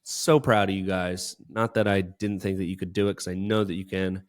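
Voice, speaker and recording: A man's voice: low voice, steady tone, normal speed. A man co-hosting a casual business podcast, talking in an enthusiastic, praising, rambling way. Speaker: podcast co-host. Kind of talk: casual chat.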